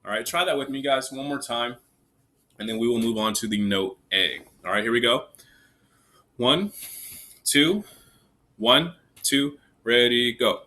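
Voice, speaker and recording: A male elementary music teacher guides children through a recorder lesson. His voice is bright and forward at a middle pitch, and he stays patient and reassuring, counting beats aloud and telling them squeaks are okay. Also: fairly quick.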